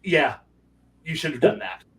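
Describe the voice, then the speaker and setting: A man with a slightly higher voice tells a tabletop game story in loose, animated chat, full of fillers and restarts. He sits a little back from the mic on a home livestream. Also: a little slow, distant mic. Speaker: game master and podcast co-host.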